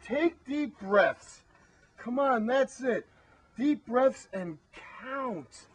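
A man playing a blunt, exasperated crew member who scolds the others and tries to calm them, in an amateur comedy spoof. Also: very high-pitched, moderate pace, noisy background. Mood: soothing. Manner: scolding, then soothing.

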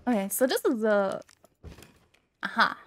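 A woman's voice: medium pitch, sing-song, unhurried, a bit bright. A young woman playing a horror game, chatting casually, reading notes aloud and getting easily spooked. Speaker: streamer. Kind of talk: casual let's play commentary.

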